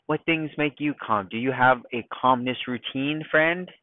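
Rambling podcast host on a tinny line. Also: male voice, mid-range voice, no room sound. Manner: rambling, self-mocking, deliberately calm and slow. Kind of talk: casual solo podcast monologue. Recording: dry, thin phone-like sound.

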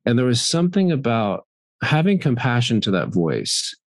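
A middle-aged man talking candidly as an interview guest, earnest and animated, acting out his inner voice at times. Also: medium pitch, normal speed, dry recording, studio quality. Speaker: guest actor.

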